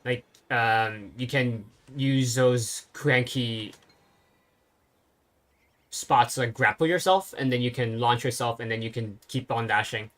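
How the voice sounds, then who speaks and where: A game streamer giving casual let's-play commentary, thinking aloud and pausing often with fillers. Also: medium pitch, a bit bright.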